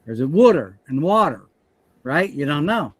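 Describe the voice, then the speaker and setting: A man's voice: fairly high pitch, big pitch swings, moderate pace, husky, no room sound. A man from New Jersey hosting a livestream, rambling casually with a joking tone.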